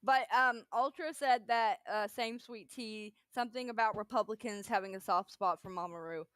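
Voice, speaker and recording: Playful woman with a slightly high voice. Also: normal speed, a bit bright, no room sound. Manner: playful and teasing. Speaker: podcast co-host. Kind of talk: casual livestream chat.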